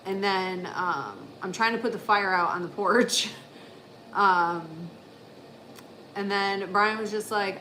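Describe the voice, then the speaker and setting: A woman's voice: mid-range voice, slow, sharp tone, a little hiss or hum, poor audio. A woman on a livestream, casually retelling a story in a rambling way, with frequent swearing. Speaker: livestream host.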